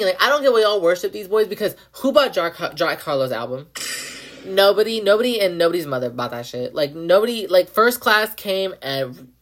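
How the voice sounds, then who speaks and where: Young woman podcast host, lowish voice, emphatic casual rant, repeats herself, swears freely. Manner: blunt, profane, emphatic; repeats phrases, many "like" fillers.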